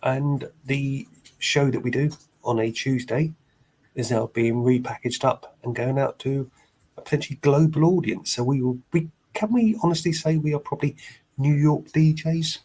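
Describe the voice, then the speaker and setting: A man's voice: medium pitch, normal speed, a little mellow, husky, low-quality recording. A middle-aged man co-hosting a casual chat, cracking dry puns. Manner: dry punning humor. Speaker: podcast co-host.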